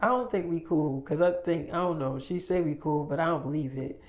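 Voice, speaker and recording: A man's voice: a little high, lightly acted. A man voicing a brash, gossipy young woman who talks bluntly and curses heavily in a freestyle audio story. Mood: heated gossip. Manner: blunt, rapid gossip with heavy cursing.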